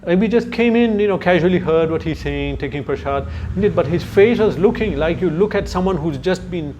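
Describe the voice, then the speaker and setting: A man lecturing on scripture to a youth audience, his voice pitched somewhat above the usual male range. He talks like he's telling stories, stopping now and then to hunt for a word or to check in with his listeners. A faint hiss runs under the recording. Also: animated, moderate pace, a little mellow, dull audio. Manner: conversational storytelling with asides to listeners; searches for words mid-sentence. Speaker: spiritual lecturer.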